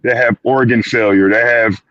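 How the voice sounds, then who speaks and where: A man's voice: mid-range voice, fairly even intonation, moderate pace, dry recording. Emphatic man on a dull, dry line. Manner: emphatic, repeats words, talks in quoted asides. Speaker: clinician guest. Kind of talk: panel discussion.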